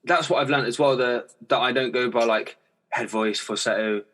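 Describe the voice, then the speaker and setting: A man's voice: medium pitch, normal speed, a bit bright. A young man, a singer-songwriter talking casually as a podcast guest, rambling and laughing often with many restarts. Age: young adult.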